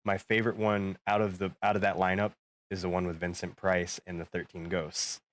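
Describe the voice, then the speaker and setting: Low-voiced man reminiscing on a podcast. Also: level tone, brisk, dry recording. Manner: nostalgic, chatty. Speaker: podcast co-host. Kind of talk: casual chat.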